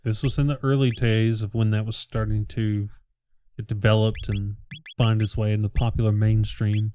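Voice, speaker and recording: A man's voice: lowish voice, flat delivery, warm tone, a little hiss or hum. A man co-hosting a comedy let's-play, joking and chatting casually. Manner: joking, quick to laugh. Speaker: co-host riffing.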